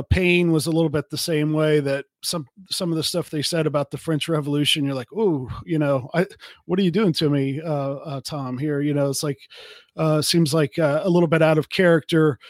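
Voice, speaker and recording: A male podcast host with a slightly high voice and a dry, close sound. He asks questions haltingly and piles on fillers. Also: no echo. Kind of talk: casual podcast interview.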